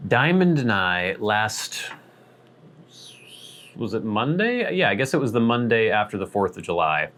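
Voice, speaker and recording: A man's voice: lowish voice, sing-song, measured pace, fairly bright tone. A man hosting his vlog, telling a rambling, wry, self-deprecating story in a casual way. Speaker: vlog host.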